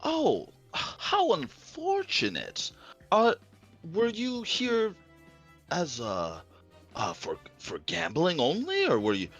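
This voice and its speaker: Chummy polite adventurer voiced by a man, very lively pitch, unhurried, faint music. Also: lo-fi sound, heavily acted. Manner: polite, hesitant, stammering.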